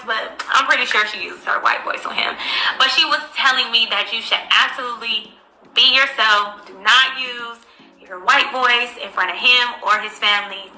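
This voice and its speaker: A chatty woman talks casually and laughs often as she tells her story. Her voice is very bright and sits fairly high. The room is echoey, with faint music underneath. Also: moderate pace. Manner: laughing, chatty, frequent fillers. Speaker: video guest. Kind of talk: casual vlog talk.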